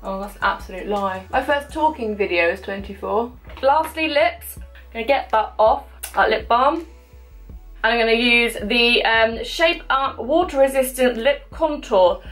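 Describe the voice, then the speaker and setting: A young woman in her twenties with a fairly high-pitched voice, chatting casually as she does her makeup at home. She is self-mocking and talkative, narrating each product as she puts it on, with faint music behind her. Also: unhurried, a bit bright. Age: 20s. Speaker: beauty vlogger. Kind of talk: casual makeup tutorial chat.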